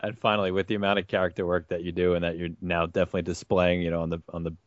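A man's voice: low voice, little pitch movement, very fast, no room sound, muffled recording. A man hosting a podcast, laid-back and jokey as he wraps up an interview. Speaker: podcast host. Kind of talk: casual interview.

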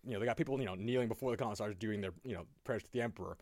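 A man co-hosting a podcast in casual chat, an excitable storyteller who rambles with lots of fillers. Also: lowish voice, racing, no room sound, studio quality. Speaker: podcast co-host.

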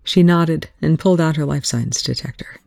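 A reader narrating fan fiction aloud in a steady, even manner with a gravelly voice. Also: medium pitch, normal speed, no echo, clean studio sound. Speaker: audiobook reader.

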